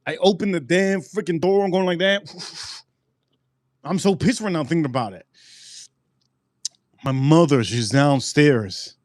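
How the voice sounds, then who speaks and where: A man hosting a live stream and telling a personal story in an animated, profane way, often repeating his lines. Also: fairly high pitch, unhurried, long pauses, no echo, studio quality.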